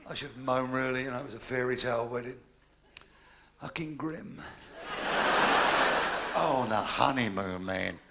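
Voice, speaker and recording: A middle-aged man doing a crude, bawdy stand-up comedy routine, telling rude stories with loud punchlines. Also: medium pitch, moderate pace, gravelly, pauses often. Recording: noisy live club recording. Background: audience laughter.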